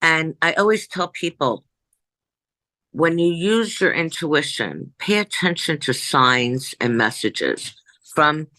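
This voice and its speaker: A woman, a psychic medium, telling a story in an interview in an animated way, jumping back and forth and acting out what people said. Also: sits low, slow, no room sound, poor audio. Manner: animated, jumps back and forth, acts out quoted dialogue.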